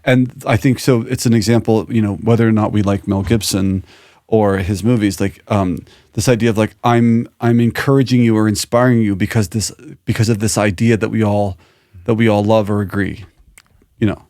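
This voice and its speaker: A man co-hosting a podcast, talking in a reflective, earnest way with many restarts, and calmly guiding a breathing exercise. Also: fairly low pitch, normal speed, no echo. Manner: earnest, thoughtful, trailing restarts; calm guided breathing at close. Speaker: podcast co-host.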